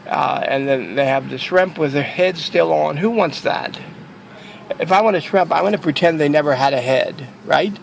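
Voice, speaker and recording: A man with a raised, gravelly voice rambles and jokes as he tells a story, chatting casually to his viewers. He records himself from a parking lot and then his parked car, with faint outdoor noise behind him. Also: a little high, normal speed, rough recording. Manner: rambling, jokey, digressive. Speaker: vlogger.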